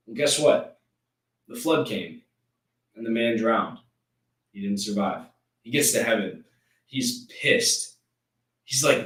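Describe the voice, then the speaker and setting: A man's voice: medium pitch, lively intonation, moderate pace, pauses often, a bit bright, echoey room, far from the mic, rough recording. A man hosting a live stream, giving an intense, preachy motivational rant that rambles with restarts.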